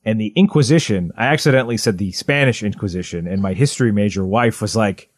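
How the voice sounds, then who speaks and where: A man's voice: on the low side, fast talker, no echo. Guy in his 30s rambling about a game on a podcast, lots of likes and restarts, dry close mic. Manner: rambling, excited storytelling full of "like" and restarts. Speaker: podcast co-host. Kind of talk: casual chat.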